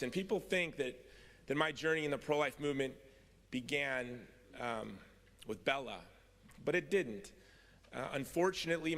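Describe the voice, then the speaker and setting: A man's voice: mid-range voice, a bit bright. A man giving a convention speech, telling stories with self-mocking humor. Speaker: convention speaker. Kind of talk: storytelling speech. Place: convention hall. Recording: long reverb of a hall.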